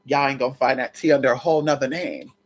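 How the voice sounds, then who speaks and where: A woman's voice: extremely low pitch, steady tone, fast talker. A woman vlogger telling a brash, profane story straight to her viewers in a chatty way. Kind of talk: storytime chat to camera.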